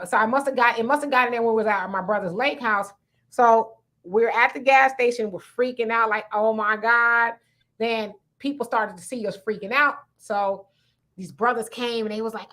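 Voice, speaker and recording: A middle-aged woman with a high, bright voice, chatting casually as host of a live talk. She tells stories with animation, jumping into the voices of the people she quotes. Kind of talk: casual storytelling chat.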